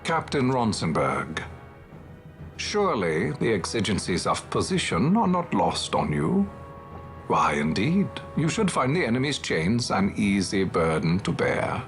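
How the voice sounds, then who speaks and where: A courtly older marquis with a lowish, lively voice that rises and falls through formal, diplomatic phrasing. He sounds like a seasoned politician weighing every word. Game score plays faintly behind him. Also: a little slow. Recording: game audio with music behind.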